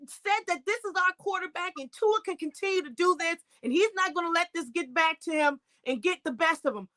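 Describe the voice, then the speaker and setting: A woman's voice: extremely high pitch, pushed and bright, no room sound, poor audio. A woman co-hosting a live-streamed sports talk show, fiery and firing off rhetorical questions.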